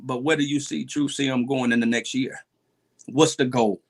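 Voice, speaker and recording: Earnest halting man giving advice. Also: medium pitch, steady tone, creaky. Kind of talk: casual livestream chat.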